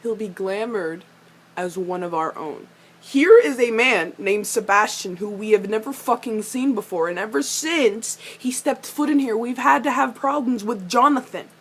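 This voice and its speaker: A woman's voice: normal speed, husky. A young woman giving a casual fan recap of a TV episode, gushing and ranting at the characters, swearing freely and laughing often. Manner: excitable, swears a lot, gushes and rants at characters; laughs often, squeals high when excited. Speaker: fan reviewer reacting to a TV episode.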